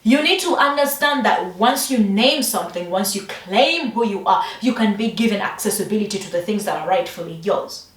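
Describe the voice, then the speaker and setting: A woman from Uganda delivers a passionate, emphatic vlog monologue, peppered with swearing and rhetorical questions. Her voice sits at an ordinary middle pitch. She sounds set back from the microphone in a room that echoes. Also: lively intonation, moderate pace, fairly bright tone. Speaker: vlogger. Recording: echoey room, distant mic.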